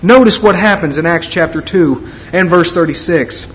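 High-voiced earnest male preacher. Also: moderate pace, a bit bright, a little hiss or hum, rough recording. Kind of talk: sermon.

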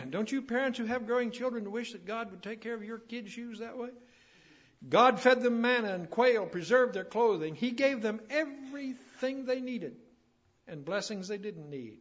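A man's voice: very high-pitched, lively intonation, normal speed. A man preaching a sermon in a folksy, storytelling way that rises to emphatic declarations. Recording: dull lo-fi sermon recording.

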